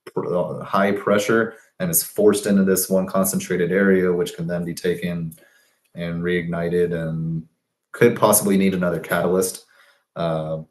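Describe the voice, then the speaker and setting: A man with a very low voice talks through his drawings in a loose, rambling way, stopping to correct himself and think aloud. The room around him is echoey. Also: darkish tone. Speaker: presenter of business ideas. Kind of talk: casual explanation of sketches.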